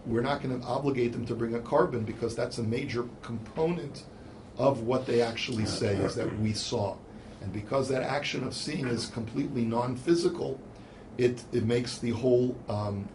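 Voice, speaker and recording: A man in the middle pitch range gives a Talmud lesson as a rabbi, explaining each step and posing questions before he answers them. He chants the original passages with a lift and then translates them. Faint noise runs under the recording. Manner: reads Hebrew and Aramaic passages in a rising chant, then translates. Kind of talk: Talmud class lecture.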